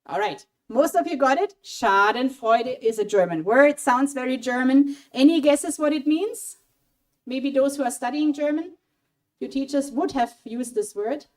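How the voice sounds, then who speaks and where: A woman with a bright, high-pitched voice leads a playful quiz for an audience gathered in a small auditorium. She speaks into a handheld mic, coaxing people to pick answers and keeping the room engaged. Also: moderate pace. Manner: lively, coaxing, quizzes the audience. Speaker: German language speaker at a college event. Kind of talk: interactive audience quiz talk. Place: auditorium mini hall.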